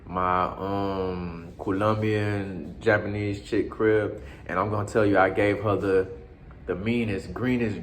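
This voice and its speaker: A man's voice: lowish voice, slight background noise. Slangy, profane man telling a story. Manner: loose, slangy and profane, with many restarts and asides to the listener. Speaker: storyteller recounting his time abroad. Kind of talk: casual storytelling.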